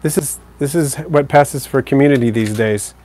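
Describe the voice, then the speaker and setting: A man hosting a live stream, casually answering viewer comments in a relaxed, rambling way. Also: medium pitch, normal speed. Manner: relaxed, rambling, with fillers and self-corrections.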